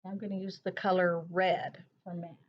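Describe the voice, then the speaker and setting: A woman teacher gently talking children through a lesson on feelings, thinking aloud with soft hums as she colors a drawing. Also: on the low side, flat delivery, normal speed. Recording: slightly dull lo-fi sound.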